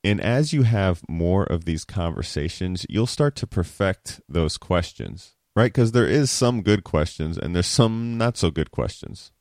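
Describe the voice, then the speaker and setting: A man's voice: low voice, lively intonation, a little slow, hardly any pauses, darkish tone, dry recording, studio quality. A man teaching how to ask questions in hard conversations, casual and explanatory, often checking in with the listener. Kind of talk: explaining communication skills.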